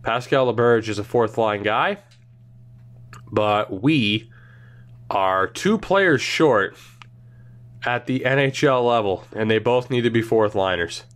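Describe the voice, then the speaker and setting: A man's voice: medium pitch, slow, pauses often, fairly bright tone. A young man casually narrating a hockey video game, thinking aloud and rambling with self-mocking asides. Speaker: gaming channel host. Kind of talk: casual gameplay commentary.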